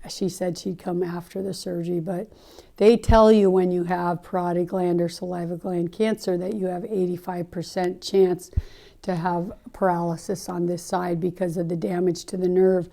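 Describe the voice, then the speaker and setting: A woman's voice: fairly low pitch, flat delivery, normal speed, gravelly, dark tone. A woman hosting her own podcast as a natural health practitioner, telling a story in an earnest, heartfelt, rambling way. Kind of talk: casual storytelling monologue.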